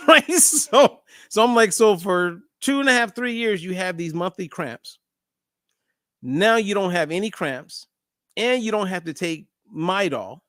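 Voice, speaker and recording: A man's voice: high voice, a little slow, no room sound, studio quality. A middle-aged man hosting a casual monologue, telling a story and acting out the dialogue. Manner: animated storyteller, acts out dialogue. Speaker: host.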